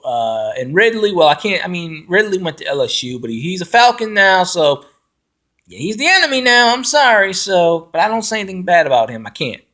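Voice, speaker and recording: Profane, animated ranting football fan man. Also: fairly high pitch. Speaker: fan commentator.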